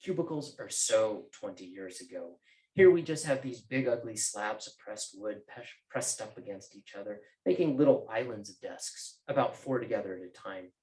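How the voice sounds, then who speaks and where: A man's voice: fairly low pitch, lively intonation, normal speed, a little mellow. A male author reading from his novel at a bookstore event, with casual joking asides. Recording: roomy bookstore echo.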